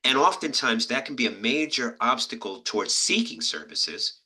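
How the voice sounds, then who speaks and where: A man moderating a webinar panel, courteous and halting as he frames questions. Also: medium pitch, very animated, pushed and bright, breathy edge, poor audio. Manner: halting, many fillers and restarts, courteous.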